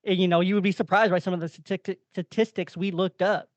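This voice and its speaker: A man's voice: high-pitched, steady tone, quick pace, no echo. A man in his twenties, a guest on a casual podcast, talking earnestly and reflectively with frequent restarts. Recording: slightly dull lo-fi sound.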